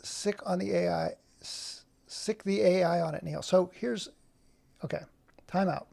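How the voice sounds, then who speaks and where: Brief: male streamer, gravelly voice, rambling, keeps cutting himself off mid-thought. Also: high-pitched, unhurried, a little mellow. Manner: rambling, self-interrupting. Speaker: livestream host. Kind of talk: casual livestream chat.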